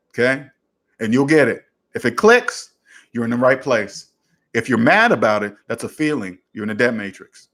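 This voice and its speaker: A man's voice: medium pitch, fairly bright tone. A man hosting a personal finance livestream Q&A, talking casually with emphatic, repetitive catchphrases and answering viewers' questions. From United States.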